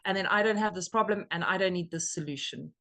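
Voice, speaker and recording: An American woman leading a recovery meeting on a video call, talking in an earnest, emotional and animated way. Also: lowish voice, fast talker. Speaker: meeting leader.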